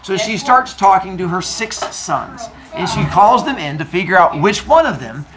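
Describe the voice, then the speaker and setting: A woman's voice: medium pitch, expressive, normal speed, crowd noise. Chatty woman storyteller with jokey asides. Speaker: storyteller speaker. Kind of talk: comic retelling of myth to a live audience. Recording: live room with audience noise.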